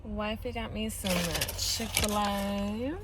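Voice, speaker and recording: A woman's voice: medium pitch, little pitch movement, slow, heavy background noise. A woman vlogging as a stay-at-home mom, chatting casually, preaching a little and venting, from a parked truck. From Latina, US. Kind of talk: casual vlog chat.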